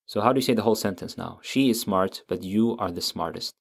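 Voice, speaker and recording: A man teaching a language lesson, patiently explaining grammar and repeating each example word slowly. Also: on the low side, creaky.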